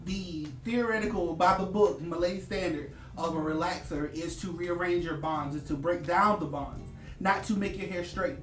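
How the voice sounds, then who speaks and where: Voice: mid-range voice, fairly even intonation, normal speed, few pauses, a bit bright. Stylist who teaches hair, emphatic and repeats stuff, roomy far mic, faint music. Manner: emphatic, repeats points for effect. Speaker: hairstylist and educator. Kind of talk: casual panel conversation.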